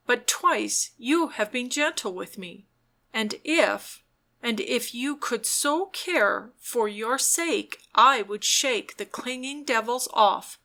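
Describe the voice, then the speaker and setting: A woman's voice: fairly high pitch, bright, forceful tone, heavily acted. A woman voicing a tormented, repentant young man in a storybook, speaking in a fervent, imploring way.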